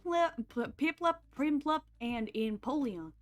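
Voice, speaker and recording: Stream host, woman, playful and giggly, a bit high-pitched. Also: lively intonation, normal speed. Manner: playful, laughs often. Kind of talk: casual stream chat.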